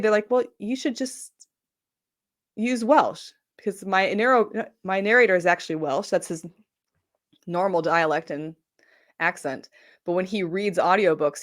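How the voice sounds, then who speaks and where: A woman's voice: on the low side, fairly even intonation, moderate pace. A woman author talking over a video call in a casual, enthusiastic way, often restarting her sentences. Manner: chatty and enthusiastic, with frequent restarts and filler. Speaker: traditionally published novelist, guest. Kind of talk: casual live-stream chat.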